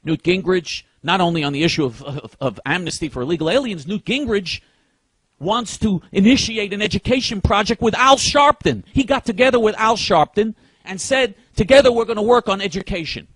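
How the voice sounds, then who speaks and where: A man's voice: sits high, moderate pace, a bit bright, no echo. A man delivering a heated political rant, indignant and emphatic, stumbling over repeated words as he pushes on. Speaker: political commentator.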